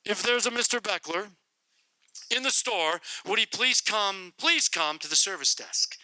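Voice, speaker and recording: A man putting on the voice of a store clerk making formal, insistent loudspeaker announcements. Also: high voice, animated, a little slow, no echo, full character voice, poor audio. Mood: polite announcing. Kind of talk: comic storytelling impression.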